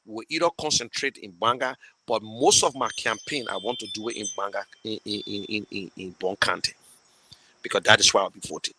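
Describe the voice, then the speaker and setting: This show host, a man with a Liberian English accent, speaks brisk and sharp in a lowish voice, talking casually to viewers live during a campaign fundraiser. He's emotional and rambling, restarting many times while thanking supporters. The recording is low quality with slight background noise.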